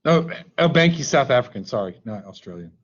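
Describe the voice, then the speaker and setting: A man's voice: medium pitch, very animated, quick pace, lo-fi sound. A male teacher leading a live online class in a playful, joking way, coaxing students to answer, over a computer mic on a video call.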